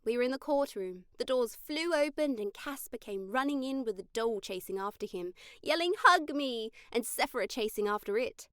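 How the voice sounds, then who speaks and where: A woman's voice: a little high, expressive, moderate pace, hardly any pauses, a bit bright, clean tone, dry recording. A woman voicing a wry female mage who is fond of pranks, in dry, amused audiobook dialogue.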